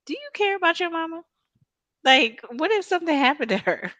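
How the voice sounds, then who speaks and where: A woman co-hosting a casual podcast, skeptically talking about a reality show and jumping into high voices to act out quotes. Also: sing-song, a little fast, a bit bright, no room sound. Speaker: podcast co-host.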